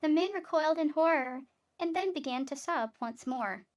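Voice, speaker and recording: Woman streamer, high voice, reads game text, quick asides between lines. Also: expressive. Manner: reads aloud, breaks off for asides. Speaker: streamer reading a game aloud. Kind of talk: reading game text with commentary.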